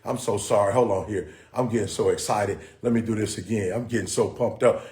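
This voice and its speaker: A man's voice: lowish voice, a little fast, few pauses, darkish tone, echoey room. A man hosting a motivational livestream, preaching in a fiery, exclamatory way and repeating his phrases. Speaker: host.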